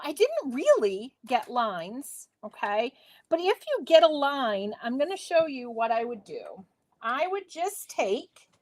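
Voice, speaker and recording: A woman's voice: high voice, a little hiss or hum. A woman hosting a live crafting tutorial from her home craft space, chatting playfully with viewers as she works. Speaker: craft demo host.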